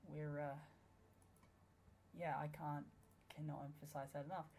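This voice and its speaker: A woman's voice: sits low, level tone, measured pace, gravelly, darkish tone, a little hiss or hum. A woman giving let's play commentary on a strategy game, sarcastic and playful, with frequent swearing. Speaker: gamer.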